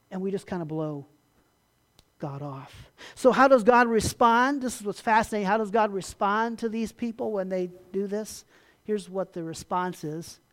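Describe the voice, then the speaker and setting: A pastor preaching a sermon in a conversational way, often restarting phrases and acting out short bits of dialogue. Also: medium pitch. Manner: acts out dismissive replies in dialogue.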